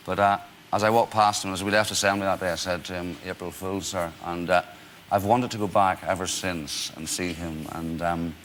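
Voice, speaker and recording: A man's voice: low-pitched, fairly even intonation, normal speed, fairly bright tone, a little hiss or hum. A man in his forties with a Northern Irish accent, a talk show guest telling self-deprecating stories with lots of hesitations. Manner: self-deprecating, hesitant with many "uh"s, laughing often. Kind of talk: chatty anecdotes on a talk show.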